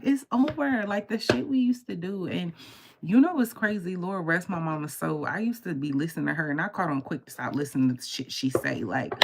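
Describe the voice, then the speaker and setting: Woman, low-pitched, gravelly, casual swearing storyteller, keeps voice down at home, faint noise. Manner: animated, profane, laughing as she tells it; holding her voice down so as not to shout. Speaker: tarot reader and livestream host. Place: home at night with others asleep.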